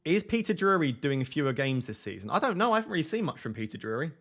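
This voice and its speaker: A man's voice: fairly high pitch, very animated, quick pace, fairly bright tone. Jokey self-mocking male streamer. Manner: jokey, self-mocking, reads chat aloud. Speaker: fantasy football streamer. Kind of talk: live stream chat reading. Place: home at night.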